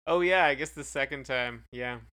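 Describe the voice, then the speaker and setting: A man's voice: medium pitch, moderate pace, bright, forceful tone, clear, resonant tone. A man co-hosting a podcast, talking casually in a hesitant, rambling way with many fillers. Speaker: podcast co-host. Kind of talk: casual chat.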